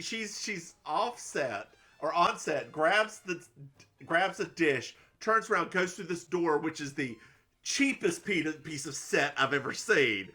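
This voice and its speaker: Southern-raised man, podcast co-host, snarky and giggly, lively pitch swings. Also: breathy edge. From American South. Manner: snarky, laughs often, stumbling restarts. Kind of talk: casual recap chat.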